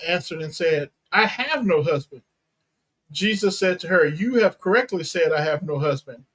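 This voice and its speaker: A pastor giving a teaching sermon, reading and explaining Bible verses in a deliberate way and unpacking Greek words. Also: male voice, sits high, poor audio. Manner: slow, deliberate Bible exposition with Greek terms.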